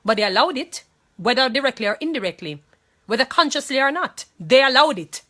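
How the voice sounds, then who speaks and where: A woman's voice: high-pitched, animated, a little fast, a bit bright. A woman with a Jamaican accent, speaking to viewers in an impassioned monologue. She talks emphatically, repeats phrases and pleads, distressed and angry.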